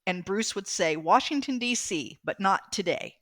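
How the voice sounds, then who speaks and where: A woman author from the States talks through her story in a podcast interview, openly emotional and animated. Her voice sits in a middle register, recorded dry and close. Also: mid-range voice, normal speed, no echo. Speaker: author and guest.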